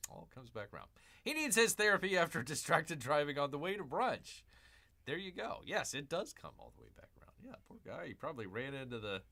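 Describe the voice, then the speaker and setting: A livestream host jokes his way through casual commentary, wandering into asides, repeating himself and referring to himself as Bear. He speaks in a slightly high, creaky voice with a bright, forceful tone.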